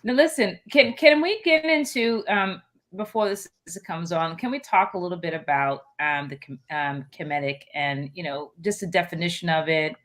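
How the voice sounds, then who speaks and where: A woman's voice: lowish voice, moderate pace, a bit bright. A woman co-hosting a talk show, asking questions hesitantly with many fillers. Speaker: co-host. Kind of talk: casual chat.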